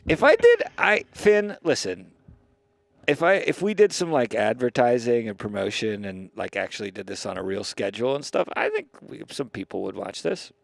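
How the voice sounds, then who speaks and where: A man's voice: medium pitch, big pitch swings, normal speed, creaky, dry recording. Rambling, jokey podcast host man. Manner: rambling, jokey, laughs often. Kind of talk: casual comedy podcast chat.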